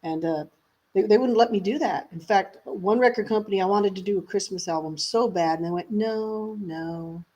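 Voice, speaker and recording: A woman's voice: mid-range voice, brisk, mellow. A woman singer as an interview guest, speaking frankly and animatedly, often acting out her own past remarks. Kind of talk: casual interview chat.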